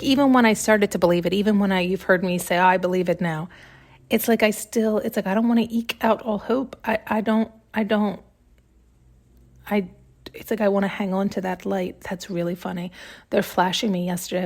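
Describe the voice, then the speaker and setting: She hosts a podcast and speaks in a steady, mid-range voice at a moderate pace. Thinking aloud, she wanders and searches through an intuitive monologue, restarting her phrasing and at times nearly breaking into tears.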